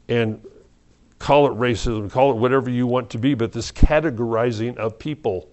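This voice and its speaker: A middle-aged man preaching an evening Bible study, talking in a halting, conversational way with restarts and soft laughs. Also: mid-range voice. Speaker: pastor.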